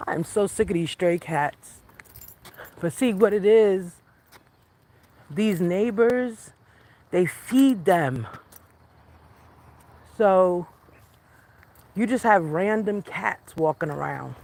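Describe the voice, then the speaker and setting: A woman vlogging casually while walking outdoors, chatty and quick to laugh, talking to her dog along the way. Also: fairly low pitch, a little mellow. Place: outdoors on a residential street.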